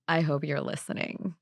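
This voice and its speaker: A young adult woman co-hosting a podcast, telling dating stories in a blunt, animated way and swearing freely. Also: low voice, creaky, dry recording, clean studio sound. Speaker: podcast co-host. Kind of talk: casual chat, storytelling. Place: New York.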